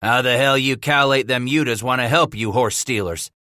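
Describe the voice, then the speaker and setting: A man's voice: mid-range voice, moderate pace, bright, forceful tone, no echo, studio quality, pitched above the performer's own voice, lightly acted. A man voicing a commanding male trapper brigade leader who gives blunt orders.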